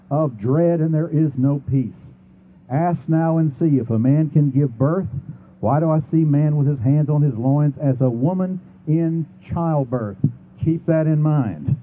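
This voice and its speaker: A man making a formal debate argument, reading scripture passages aloud and slowing down to stress key words. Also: medium pitch. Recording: tinny phone-like sound with faint noise.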